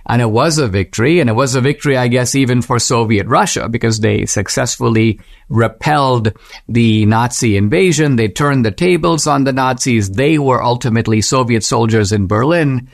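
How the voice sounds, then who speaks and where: Measured male commentator with dry, close sound. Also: vocal fry, no echo. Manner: measured, reflective delivery with slow emphatic phrases; mimics a Western voice when reading quotes, rising high. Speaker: podcast host. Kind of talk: commentary reading quoted passages.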